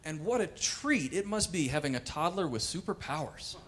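A man performing wry, animated stand-up comedy on a cultural center stage. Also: a little high, normal speed. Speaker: comedian and pianist.

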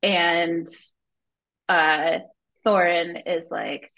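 A woman's voice: medium pitch, a little slow, a bit bright, poor audio. Woman cohost on a video call podcast, chatty and loose, lots of ums, laughs a lot. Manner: chatty, laughs easily, loose with filler words. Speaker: podcast co-host. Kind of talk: casual chat recapping a book.

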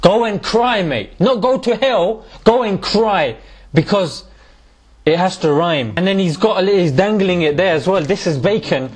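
A man's voice: high-pitched, normal speed, breathy edge. A man hosting a casual, mocking commentary on hate comments, tossing in "mate" again and again. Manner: sarcastic, mocking, peppers speech with "mate". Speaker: YouTube host.

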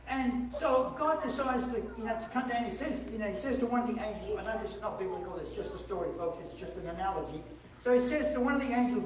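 A high-pitched man preaches to his congregation, animated and playful, often tripping over and repeating his opening words. The voice rings through a very echoey church hall and is picked up from a distance. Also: a little fast, a little hiss or hum. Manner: animated, jokey, repeats words when starting phrases. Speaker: evangelist preacher. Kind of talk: sermon with humorous storytelling. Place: church sanctuary.

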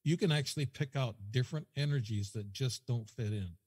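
A man's voice: mid-range voice, brisk, a little mellow, breathy edge, in a large hall. A man as a podcast guest, telling a rambling story that repeats itself and quotes whole conversations. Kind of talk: casual storytelling.

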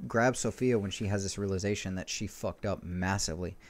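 Low-voiced dude on a book podcast, chatty, keeps adding little asides. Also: male voice, steady tone, fairly quick. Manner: chatty and enthusiastic, adds side comments and asides. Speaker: podcast co-host. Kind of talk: casual book discussion.

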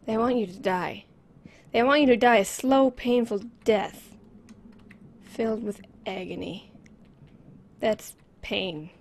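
Brief: woman, horror game let's play, jittery, repeats words, a bit high-pitched, close mic, faint room hum. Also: takes it slowly, pauses often. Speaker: gameplay commentator. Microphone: close desk microphone.

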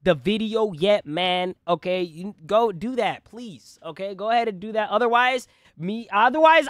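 A young man hosting a reaction channel, chatting casually and excitedly with lots of slang and swearing. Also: sits high, moderate pace, no echo. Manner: slangy, animated, swears often.

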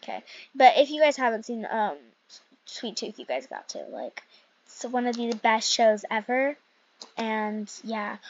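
A young woman giving rambling, excitable commentary while playing a video game, with many fillers. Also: a little high, unhurried, dull audio, slight background noise. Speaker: gaming youtuber. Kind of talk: casual gameplay commentary.

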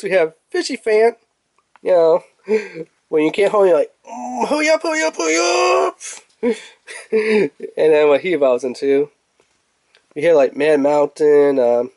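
A man's voice: fairly high pitch, darkish tone, no room sound. A young man casually reviewing toys, rambling and chatty and laughing at his own jokes. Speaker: toy reviewer.

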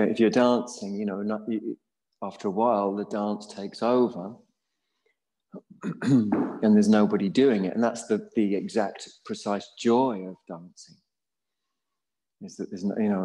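Lowish voiced guy leading a yoga class, laid back and jokey, teasing himself between cues. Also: rough recording. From England. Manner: relaxed and jokey, self-mocking asides. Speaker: yoga teacher. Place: yoga studio in a Buddhist centre.

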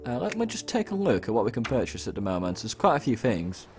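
A man's voice: mid-range voice, very animated, quick pace, darkish tone, faint music behind. A young man casually commenting on a game he plays, reading its lines aloud with playful outbursts. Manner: chatty, reads game dialogue aloud with playful exclamations. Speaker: let's play host.

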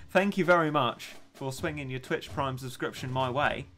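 A young man chats casually on a game stream, ranting one moment and poking fun at himself the next. His pitch sits in the middle, and faint game music plays behind him. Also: a little slow, a bit bright. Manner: chatty, ranting, self-mocking. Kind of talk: casual live-stream chat while gaming.

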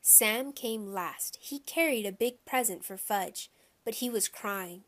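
Woman reading a kids audiobook, lively and expressive, mid pitch. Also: takes it slowly. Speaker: audiobook narrator. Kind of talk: scripted children's audiobook narration.

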